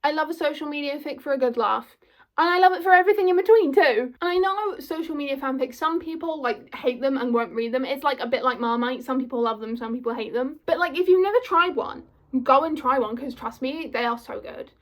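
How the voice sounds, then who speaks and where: A woman's voice: high voice, brisk. A young woman, gushing in a casual vlog and filling her talk with "like". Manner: gushing, filler-heavy, full of "like". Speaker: vlogger.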